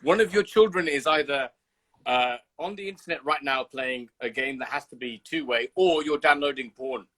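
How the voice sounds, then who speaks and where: A man's voice: mid-range voice, moderate pace, a bit bright, poor audio. A man hosting a casual livestream chat over a video call, teasing his guest, swearing freely and telling stories with animation. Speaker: host.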